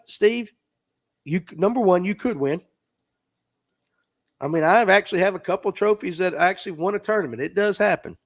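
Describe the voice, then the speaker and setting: A man's voice: sits high, darkish tone. A man hosting a fishing podcast livestream, chatting casually and reading out viewer comments in a folksy way. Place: tackle shop.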